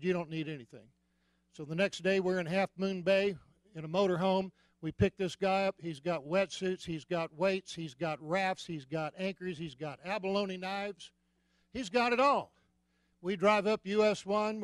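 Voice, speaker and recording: A man preaching a sermon as a comic, animated storyteller who sometimes bursts out loudly. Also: sits high, no echo. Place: church sanctuary.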